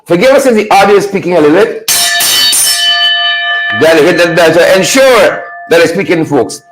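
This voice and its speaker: High-voiced man hyping a live stream. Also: expressive, normal speed, over music, rough recording. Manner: repetitive, hypes viewers with shout-outs. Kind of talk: energetic live-stream political talk.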